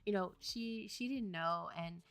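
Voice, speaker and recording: A woman's voice: mid-range voice, unhurried, a bit bright. A woman in her thirties, a game developer on a stream, chatting casually, laughing often and filling her talk with "like". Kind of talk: casual chat.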